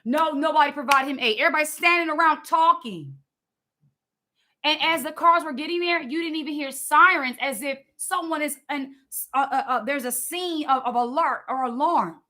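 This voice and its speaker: Woman, impassioned commentator, high and bright, emphatic and preachy delivery. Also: normal speed. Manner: emphatic, preachy, repeats words.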